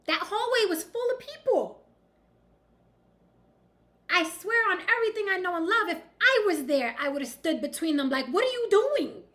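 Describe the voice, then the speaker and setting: A woman hosting a casual news commentary stream, blunt and animated, often speaking straight to her audience. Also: very high voice, moderate pace, long pauses. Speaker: host.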